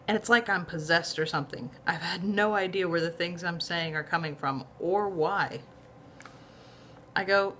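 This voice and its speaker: A woman casually reading a novel aloud in a lively, conversational way. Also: on the low side, moderate pace, slight background noise. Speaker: reader of a novel.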